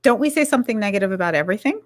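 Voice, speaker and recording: A woman's voice: medium pitch, expressive, racing, no room sound, clean studio sound. A woman co-hosting a podcast in casual chat, talking in a rambling, candid way and correcting herself as she goes. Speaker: podcast co-host.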